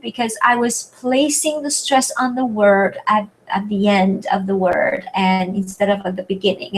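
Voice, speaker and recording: French-accented woman, webinar tutor, halting delivery full of fillers, computer mic. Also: fairly high pitch, low-quality recording. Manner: hesitant, searching for words with many fillers. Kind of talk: live online Q&A lesson. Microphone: computer mic on a video call.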